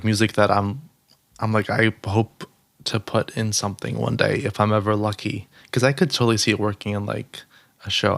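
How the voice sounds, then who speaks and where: Young male podcast co-host, low-pitched, upbeat and chatty with frequent laughs, dead-dry mic. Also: vocal fry, no room sound. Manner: upbeat, laughs often, quick asides. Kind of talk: casual chat.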